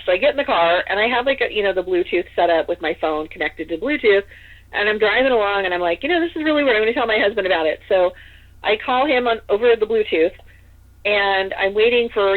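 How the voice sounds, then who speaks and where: Chatty woman over a tinny phone line. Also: medium pitch. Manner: chatty, rambling storyteller full of "like" and "you know". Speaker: podcast guest. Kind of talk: casual storytelling in an interview.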